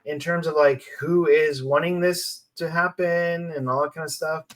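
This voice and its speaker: A man co-hosting a podcast, talking loosely about a film with many fillers and quick asides. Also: fairly high pitch, fairly even intonation, a bit bright. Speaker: podcast co-host. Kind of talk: casual film discussion.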